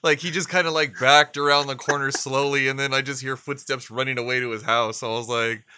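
A man's voice: medium pitch, level tone, fairly quick, noisy background. A man chatting casually, a laid-back storyteller who swears constantly and laughs often. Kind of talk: casual chat.

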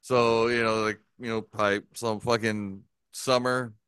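A low-voiced man rambles through a story, swearing constantly and leaning on fillers. The sound is dry and close, with no room echo. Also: little pitch movement, measured pace, a bit bright, clean tone. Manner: profane, rambling, many fillers. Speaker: podcast co-host telling a story. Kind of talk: casual storytelling.

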